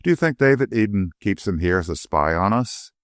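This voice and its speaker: A man voicing a young woman who asks gentle, earnest questions and bristles quickly. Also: on the low side, lively intonation, no echo, clean studio sound, natural voice.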